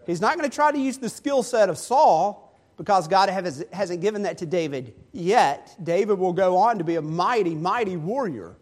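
A male preacher giving a sermon, retelling a Bible story in an animated, storytelling way. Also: sits high, moderate pace.

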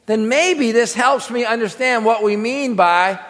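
High-voiced man preaching in a hall. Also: a little slow, a bit bright. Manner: asks the audience questions and answers them himself. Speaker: preacher teaching a class. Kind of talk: sermon-style Bible teaching.

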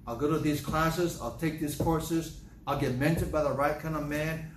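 A man acting out a frightened young man who begs a judge for mercy, speaking softly with stammers. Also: fairly high pitch, fairly even intonation, moderate pace, reverberant, a little hiss or hum, lightly acted. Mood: pleading. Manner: soft, stammering, pleading.

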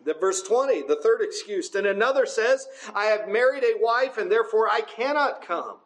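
A man's voice: high voice, expressive, moderate pace, a bit bright, echoey room, rough recording. A man preaching a sermon in a conversational way, often checking in with his listeners. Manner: conversational, often asks the congregation "right?".

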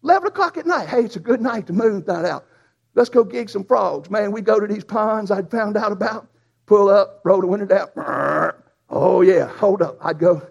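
Man, preacher, folksy animated sermon stories, raspy fry, muffled sound. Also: sits high, moderate pace. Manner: folksy, animated storytelling with dialect grammar. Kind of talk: storytelling sermon. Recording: dull lo-fi sound.

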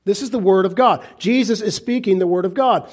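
A man preaching a sermon in an earnest, pleading way, swinging from loud urging to hushed asides and chuckling through his points. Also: sits high, fairly quick, breathy edge. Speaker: pastor.

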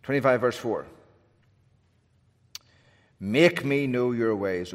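A man delivers a sermon with earnest emphasis, restarting phrases and adding asides as he goes. His voice has a mid-range pitch. It carries a long reverb, as if spoken in a church sanctuary. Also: takes it slowly, pauses often. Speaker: preacher.

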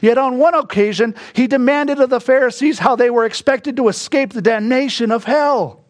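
A man preaching a sermon, moving between quiet, hushed reflection and sudden bursts of emphasis. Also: very high voice. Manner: slow, reflective preaching that drops to a hush and rises to bursts of emphasis. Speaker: pastor.

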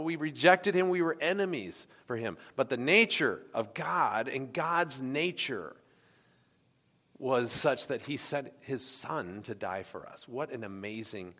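A man's voice: medium pitch, a bit bright. A man from the United States preaching a sermon in a conversational way, often asking the congregation questions. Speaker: pastor. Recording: long hall reverb.

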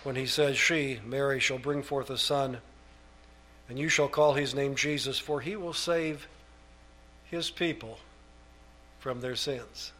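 A man preaching a sermon, reading scripture aloud and lifting his voice on key phrases, then dropping low on asides. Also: fairly even intonation, takes it slowly, long pauses, pushed and bright, a little hiss or hum.

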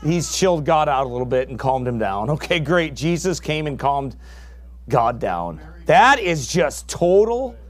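A man preaching a fiery sermon, his voice climbing to shouts as he presses his points. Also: on the high side, sing-song, unhurried.

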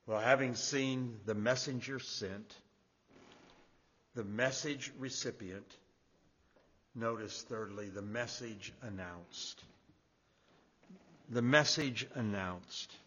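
A man preaching a sermon as pastor, repeating key phrases for emphasis and building from quiet reflection to emphatic preaching. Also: medium pitch, takes it slowly, long reverb tail, dull audio.

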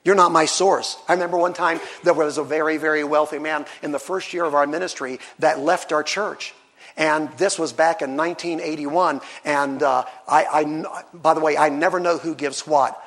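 A pastor in his sixties, a man preaching a sermon in church, animated and acting out the voices he quotes. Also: a little high, normal speed.

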